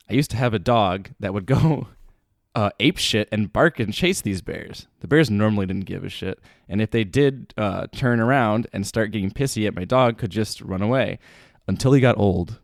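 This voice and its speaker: A man's voice: fairly low pitch, no echo, studio quality. A man co-hosting a comedy podcast in casual chat, reading listener stories aloud with playful asides. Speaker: podcast co-host.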